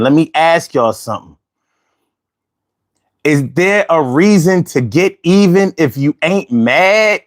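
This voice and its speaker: A male host talks casually to his livestream viewers, full of slang and rhetorical questions to the audience. His voice sits high and swings widely in pitch, and he takes his time between phrases. He circles back to the same lines again and again. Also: animated, slow.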